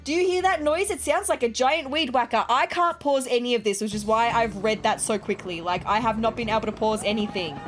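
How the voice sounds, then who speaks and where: A woman YouTuber giving excitable, giggly commentary while playing a life-simulation game. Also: on the high side, a little fast, few pauses, background noise. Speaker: gaming YouTuber. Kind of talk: let's play commentary.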